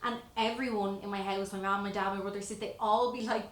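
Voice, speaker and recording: A woman's voice: mid-range voice, a little fast. Chatty Irish woman, echoey room. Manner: chatty, animated storyteller. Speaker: podcast host, lash artist. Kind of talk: casual chat. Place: room in a lash salon. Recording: roomy echo.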